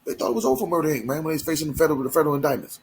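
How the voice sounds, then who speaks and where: A man's voice: on the high side, rapid-fire, slightly rough, poor audio. A man giving an emphatic, slangy commentary monologue, full of repeats and restarts. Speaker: commentary channel host.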